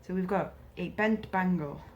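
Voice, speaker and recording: A woman vlogger chatting casually as she unboxes parcels, gushing and excitable. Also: fairly low pitch, moderate pace, highs cut off, slight background noise.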